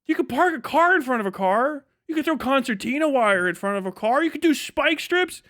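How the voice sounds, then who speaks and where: A man streaming casual commentary, ranting in a profane, loud way and laughing often. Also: extremely high pitch, expressive, fairly quick.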